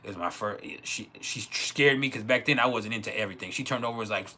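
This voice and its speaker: Bright-voiced man telling crude stories. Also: on the low side, quick pace. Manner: crude, laughing often, acts out quoted voices. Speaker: live stream host. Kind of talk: casual storytelling. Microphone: home livestream mic.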